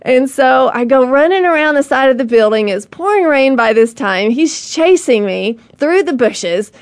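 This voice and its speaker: Casting note: woman show host, candid rambling storyteller, higher voice, dry close mic. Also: expressive, normal speed, dry recording. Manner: rambling and candid, full of "you know" and restarts. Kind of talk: personal storytelling monologue to an audience.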